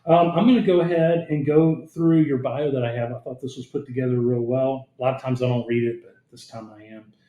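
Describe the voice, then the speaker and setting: A man's voice: mid-range voice, steady tone, fairly quick, hardly any pauses, warm tone. A man hosting a podcast, chatting in a friendly, conversational way and reading out his guest's background. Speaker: podcast host. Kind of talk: casual podcast interview. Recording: roomy echo.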